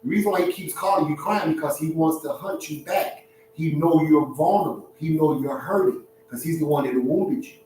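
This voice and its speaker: A man hosting a relationship talk, giving blunt, preachy advice to an audience in an animated, streetwise way, laughing at his own points. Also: fairly high pitch, a little fast, very echoey, recorded from a distance, a little hiss or hum, rough recording.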